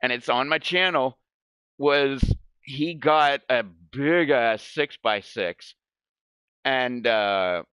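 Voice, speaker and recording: A man's voice: mid-range voice, slow, bright, forceful tone, clear, resonant tone, no echo. A man hosting a gaming channel, telling a story in casual chat. He rambles, swears a lot and keeps saying "like". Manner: rambling, profane, fills speech with "like".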